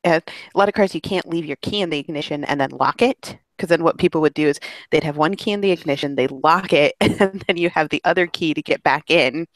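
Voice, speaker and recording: A woman's voice: low voice, brisk, hardly any pauses, no echo. A woman from Minnesota, a radio producer, chatting easily as a podcast guest, laughing often with frequent ums. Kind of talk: casual interview chat.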